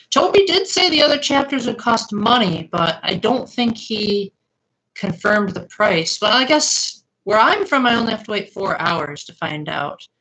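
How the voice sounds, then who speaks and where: A woman's voice: mid-range voice, very animated, a little slow, a bit bright, poor audio. A young woman streaming live, chatting casually and answering her viewers' comments.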